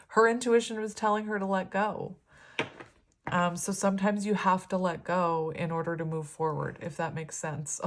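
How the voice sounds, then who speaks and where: A young woman giving a casual, rambling tarot reading with big, expressive reactions. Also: fairly low pitch. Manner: chatty, rambling, expressive, laughs often. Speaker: tarot reader.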